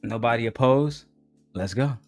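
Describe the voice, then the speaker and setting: A man's voice: mid-range voice, moderate pace, no room sound, soft background music. Sarcastic man hosting a clip stream. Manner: teasing, sarcastic asides to viewers. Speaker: commentary stream host. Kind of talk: reacting to clips with commentary.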